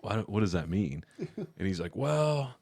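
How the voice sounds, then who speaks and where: A man in casual chat, telling an animated, profane story and acting out the quoted dialogue. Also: low voice, normal speed, breathy edge.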